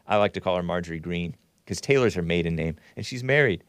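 A man's voice: low-pitched, fast, dry recording. A man from Southern California hosting a talk show, reading viewer messages aloud with wry, sardonic asides.

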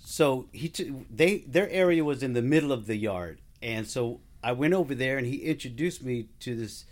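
A man's voice: medium pitch, expressive, normal speed, a little mellow. A man as a podcast guest, telling a personal story in casual conversation, acting out what people said and laughing along the way.

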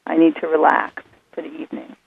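A woman guest explaining her method in a calm, soothing, patient way. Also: low voice, fast, creaky. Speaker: author and guest. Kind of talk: explaining on a radio call-in. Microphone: phone. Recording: thin phone line.

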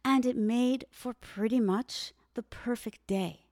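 A woman's voice: fairly high pitch, takes it slowly, a little mellow, no echo, studio quality. A woman hosting a podcast, telling a story in an earnest, reflective monologue and speaking straight to the listener. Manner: earnest, addresses the listener directly. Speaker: podcast host.

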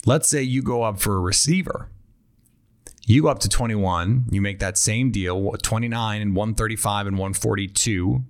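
A man hosting a football talk show, thinking aloud and breaking down draft picks in a conversational way. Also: on the low side. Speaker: football analyst host. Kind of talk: casual draft analysis talk.

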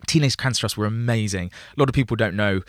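A man's voice: on the low side, fast talker, dry recording, studio quality. A young man telling his stories in a rambling, self-deprecating way, often laughing. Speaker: guest. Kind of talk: casual storytelling interview.

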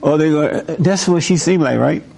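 A man's voice: fairly high pitch, normal speed, gravelly, breathy edge. A man hosting a live talk, delivering a preachy monologue and asking the room questions. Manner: animated, asks the audience questions. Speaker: host speaking to a live audience.

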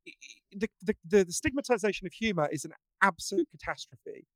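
Male guest, fairly high voice, earnest storyteller, dry close mic. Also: a little fast, no room sound. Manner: earnest, animated storyteller with frequent restarts. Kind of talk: casual conversation.

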